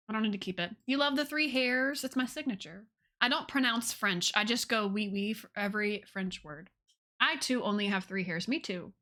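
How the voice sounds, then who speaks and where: A woman's voice: fairly high pitch, sharp tone. A woman streamer chatting casually with her viewers, bubbly and giggly. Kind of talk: casual chat with viewers while drawing.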